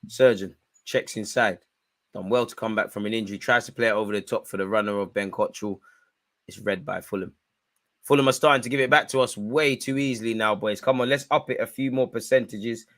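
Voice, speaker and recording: A young man hosting a football watch-along, commenting live and shouting at the referee. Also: brisk. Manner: animated, shouts at the referee, spikes in pitch and volume.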